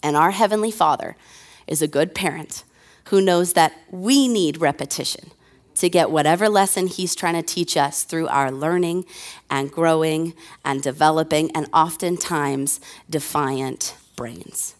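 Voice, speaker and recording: A woman's voice: deep voice, a little slow. Chatty woman pastor preaching on stage. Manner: chatty, self-deprecating storytelling with fillers. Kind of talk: conversational sermon. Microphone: handheld mic.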